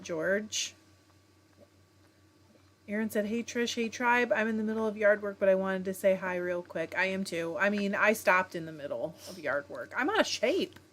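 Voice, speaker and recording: Chatty woman host reading live comments. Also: medium pitch. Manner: chatty, reads viewer comments aloud, warm greetings. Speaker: livestream host reading chat. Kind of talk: casual chat.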